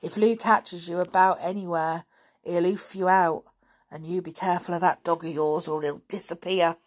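Chatty, good-hearted circus boy voiced by a woman for a storybook; bright and friendly. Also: fairly low pitch, fairly even intonation, normal speed, natural voice. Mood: warning. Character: cheerful friendly young circus lad.

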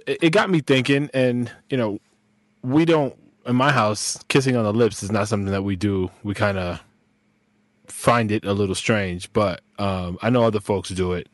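A man's voice: fairly low pitch, no echo. Laid-back man hosting a podcast. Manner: relaxed, rambling with restarts and slang. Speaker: podcast host. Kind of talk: casual podcast chat.

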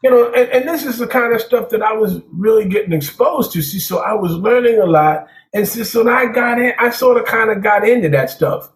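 A man's voice: sits high, a little fast, hardly any pauses. A man who plays jazz drums, telling stories in a casual interview, rambling and peppering his talk with "man". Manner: rambling, repeats words, says "man" often. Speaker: jazz drummer guest. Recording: echoey room.

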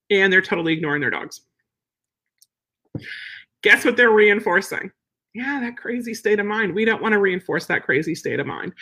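A woman's voice: medium pitch, sharp tone. A woman dog trainer answering viewer questions in a casual, plain-spoken live teaching session. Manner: chatty, plain-spoken, acts out quotes.

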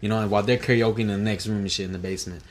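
A man's voice: lowish voice, steady tone, racing. A young man telling a story in casual chat, laid-back and slangy, laughing often.

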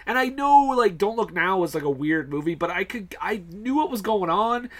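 A man's voice: high-pitched, animated, normal speed. A man hosting a casual film discussion podcast, blunt and frustrated, swearing freely. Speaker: podcast host.

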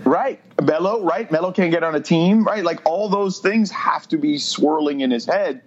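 A man's voice: on the high side, normal speed, dull audio. A man who hosts a sports radio show, talking basketball on a podcast in a blunt, matter-of-fact way. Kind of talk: casual sports talk.

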